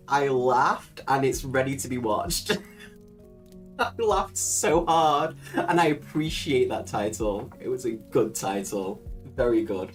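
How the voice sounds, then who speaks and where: A woman's voice: rumbling low, big pitch swings, slow pace, long pauses, soft background music. A woman hosting a casual livestream, chatting freely, laughing often and swearing casually. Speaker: livestream host.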